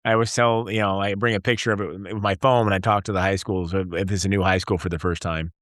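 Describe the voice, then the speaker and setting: Energetic man in his forties, low voice. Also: fast talker, no echo, clean studio sound. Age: 40s. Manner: energetic storyteller, acts out dialogue. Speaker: guest entrepreneur. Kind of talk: casual interview conversation.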